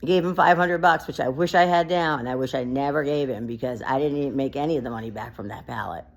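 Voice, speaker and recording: Low gravelly woman ranting on her vlog, rambly, kinda teary. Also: fast talker. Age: adult with a child. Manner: emotional, rambling, near tears. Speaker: vlogger. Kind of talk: unedited personal vlog monologue.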